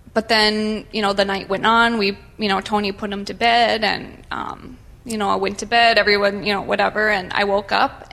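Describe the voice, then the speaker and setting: A woman's voice: medium pitch, a bit bright. A woman nervously sharing a personal testimony in church, hesitant and full of fillers, with a shaky voice. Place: church sanctuary.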